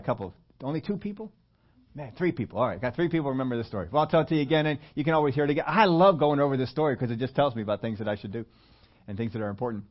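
Preacher man telling a story. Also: medium pitch. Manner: chatty, quizzes the audience, frequent restarts. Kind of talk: storytelling sermon. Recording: dull lo-fi recording.

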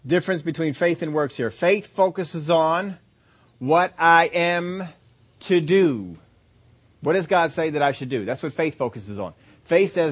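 A man preaching a sermon, emphatic, slowing down to stress key phrases and acting out quoted complaints. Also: on the high side, expressive, slightly rough. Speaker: pastor.

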